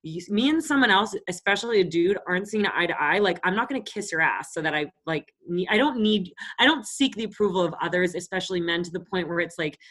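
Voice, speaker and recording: A woman's voice: lowish voice, animated, quick pace, hardly any pauses, fairly bright tone. Blunt, profane young woman telling stories. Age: late 20s. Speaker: podcast co-host. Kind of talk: casual chat. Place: Los Angeles.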